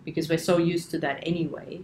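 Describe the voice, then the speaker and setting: A woman host with a fairly low voice who asks probing questions. She sounds enthusiastic and keeps affirming her guest. Her voice carries a roomy echo with a faint hiss underneath. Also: fairly even intonation, fast. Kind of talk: conversational interview.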